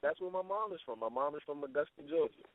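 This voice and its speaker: A man's voice: on the high side, expressive, fast, dry recording. Young guy cohosting a call-in show, laughing, telling stories, tinny dry phone sound. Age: 20s. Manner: laughing, storytelling, playful teasing. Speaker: co-host. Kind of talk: casual radio call-in chat.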